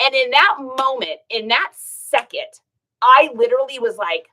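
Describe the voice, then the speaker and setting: A woman's voice: high voice, normal speed, low-quality recording. A middle-aged woman chatting to livestream viewers from home, telling a long story and acting out the voices of the people in it. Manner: chatty, animated, acts out quoted voices. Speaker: reseller livestream host.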